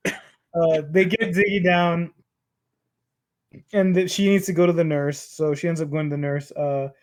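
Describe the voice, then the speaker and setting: A man's voice: fairly high pitch, level tone, measured pace. A man hosting a podcast who recaps a movie in casual chat, rambling and swearing, with many fillers. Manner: rambling, profane, lots of fillers. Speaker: podcast host.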